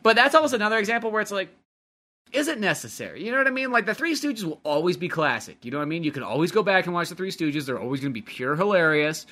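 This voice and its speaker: Casting: male podcast co-host, bright and lively, full of hedges and fillers. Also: high-pitched, fast talker. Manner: hedging, rambling, lots of fillers. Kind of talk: casual chat.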